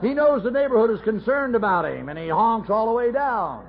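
A man's voice: sits high, expressive, fairly quick. Wry folksy man on lo-fi tape. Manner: folksy, wry, self-mocking humor. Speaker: recovering alcoholic telling his story. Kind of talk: AA speaker talk, storytelling. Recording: dull lo-fi tape recording.

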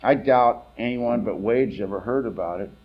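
A man's voice: mid-range voice, moderate pace. Man from California, meeting speaker, rambling candid testimony, wry humor, muffled lo-fi sound.

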